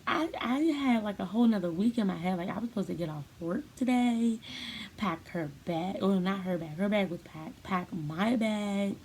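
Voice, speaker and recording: A woman's voice: mid-range voice, normal speed, a little mellow, slight background noise. A young woman vlogging casually to her viewers, chatty and full of "like" fillers, acting out the dialogue she quotes. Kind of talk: casual personal storytelling to camera.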